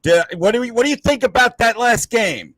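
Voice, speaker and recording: A man trades crude jokes on a fan stream and pushes the others for opinions. His voice is high. The sound is dry and close. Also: animated, fairly quick, a bit bright, no room sound. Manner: joking, crude. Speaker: guest. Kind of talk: casual football fan chat.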